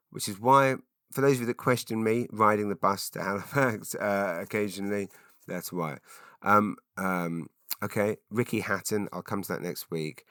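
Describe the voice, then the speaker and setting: A man's voice: lowish voice, a bit bright, no room sound, clean studio sound. A middle-aged man hosting a solo podcast, rambling casually with many ums and restarts. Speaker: podcast host.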